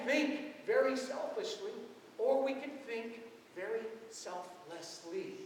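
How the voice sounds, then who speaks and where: A man preaching as pastor in a large church, telling stories in a lively way. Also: extremely high pitch, slow, recorded from a distance, slight background noise. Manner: storytelling, animated. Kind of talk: sermon. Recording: echoey church heard from afar.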